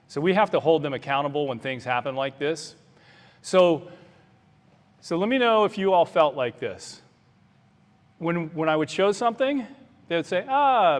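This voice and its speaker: A man, a doctor running for office, giving an earnest, plainspoken campaign speech to a crowd in a meeting hall. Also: mid-range voice. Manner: earnest, plainspoken, fiery at times. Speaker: doctor and political candidate. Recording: long hall reverb.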